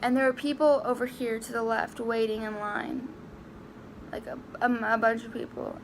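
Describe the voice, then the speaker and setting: A young woman vlogging a personal story to camera, halting and emotional, close to tears, with many fillers and restarts. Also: fairly high pitch, vocal fry, slight background noise.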